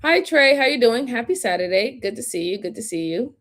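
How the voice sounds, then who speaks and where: A woman hosting a livestream, giving casual commentary on crime footage and greeting viewers by name, with relaxed talk full of fillers. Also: fairly high pitch, a little fast. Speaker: livestream host reviewing crime interrogation footage.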